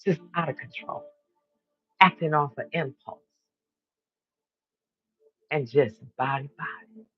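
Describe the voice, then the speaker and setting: A man's voice: on the high side, slow, breathy edge, muffled recording. A man hosting a live stream, giving an emphatic spiritual monologue and repeating his declarations, with casual swearing.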